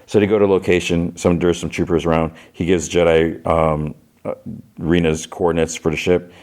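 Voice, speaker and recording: A man's voice: deep voice, level tone, moderate pace, darkish tone. A man hosting a podcast, retelling a show episode in a rambling way, with lots of "he's like" and fillers. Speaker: podcast host. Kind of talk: casual episode recap.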